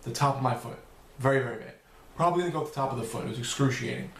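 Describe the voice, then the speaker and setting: A man's voice: medium pitch, rapid-fire, a little hiss or hum. Rambling man in an echoey room. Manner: rambling and loose, with frequent swearing. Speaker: vlogger answering viewer questions. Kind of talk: casual Q&A vlog.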